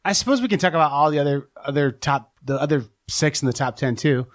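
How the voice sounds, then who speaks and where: A man with a fairly high voice co-hosts a casual podcast chat. He rambles, hedging his points and leaning on "um" and "like" as he goes. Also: animated, quick pace. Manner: rambling, full of "um" and "like". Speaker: podcast co-host.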